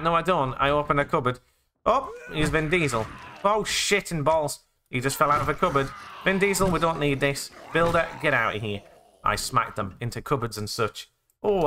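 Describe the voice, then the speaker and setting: A young British man riffs through his gameplay, narrating every move in the past tense and yelping in surprise. His voice is bright and sits a little high, swinging all over in pitch. A faint hiss sits under the recording. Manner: goofy, swears playfully, narrates own actions in past tense, sudden squeals. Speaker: let's play gamer. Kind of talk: comedic gameplay commentary with self-narration.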